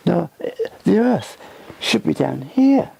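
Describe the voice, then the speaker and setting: An older inn owner giving a rambling tour, tired and halting, often restarting his sentences. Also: high voice, big pitch swings, creaky, dark tone, slightly rough. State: tired, voice fading. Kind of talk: rambling casual talk. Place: old inn, indoors.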